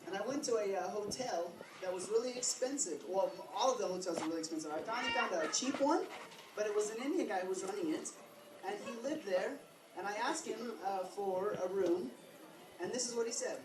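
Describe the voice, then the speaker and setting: A man interpreting aloud for a deaf stand-up comedian, telling jokes in deadpan storytelling with asides, recorded in a comedy club lounge. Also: high-pitched, brisk. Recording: distant roomy club mic with crowd and noise.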